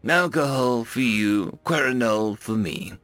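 A man voicing a calm, caring furry alien woman who is an ambassador, speaking slowly and soothingly. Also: mid-range voice, no room sound, faint music behind, lightly acted. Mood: gentle.

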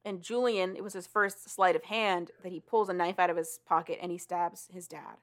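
A woman's voice: fairly low pitch, fairly even intonation, normal speed. A woman co-hosting a casual podcast, rambling through a story recap full of "like" and restarts. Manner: rambling, filler-heavy retelling with "like". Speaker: podcast co-host. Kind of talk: casual chat retelling a story.

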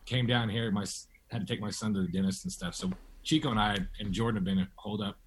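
A man's voice: fairly low pitch, fast talker, husky. A man, the singer of a band, answering a casual interview over a remote call in an easygoing way with short replies.

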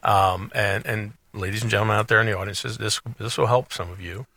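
A man's voice: fairly low pitch, steady tone, a little fast, gravelly, pushed and bright, no room sound. A middle-aged man hosting a radio talk show, telling rambling stories with many restarts. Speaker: radio show host, financial advisor. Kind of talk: casual radio chat.

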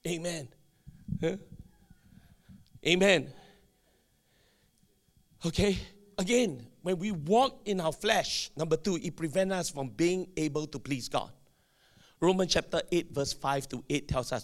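A male pastor, preaching a sermon emphatically with sudden shouted bursts and call-and-response to the congregation. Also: high-pitched, lively intonation, a little slow, long pauses.

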